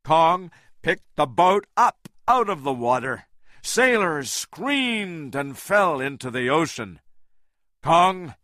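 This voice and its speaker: Slow, bright male storybook narrator. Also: a little high, big pitch swings, dry recording, studio quality. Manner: slow and clearly articulated for learners. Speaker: audiobook narrator. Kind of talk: slow reading of a graded English-learner storybook.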